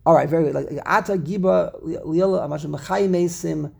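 A man's voice: high voice, brisk, vocal fry, warm tone, breathy edge. A man teaching a classroom lesson on Hebrew grammar, explaining step by step and repeating words as he thinks. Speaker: Torah teacher.

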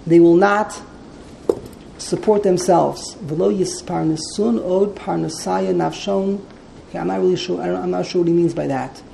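A woman's voice: fairly low pitch, moderate pace, gravelly, mellow, a little hiss or hum, rough recording. A woman teaching a text study class, explaining and translating line by line and often wandering into side points.

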